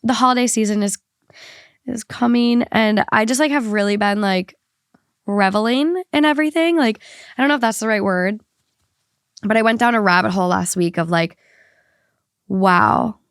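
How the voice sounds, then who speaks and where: A congested, stuffy-sounding woman hosts a casual podcast chat, quick to get emotional and casual with her swearing. Her voice sits at a middling pitch, recorded close and dry with no room sound. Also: clear, resonant tone, no room sound. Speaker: podcast host.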